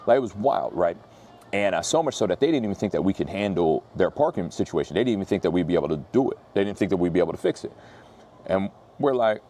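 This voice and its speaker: A man preaching in a relaxed, slang-heavy, storytelling way, getting lively when he retells conversations. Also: low-pitched, fast talker. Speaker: pastor. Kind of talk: casual sermon storytelling.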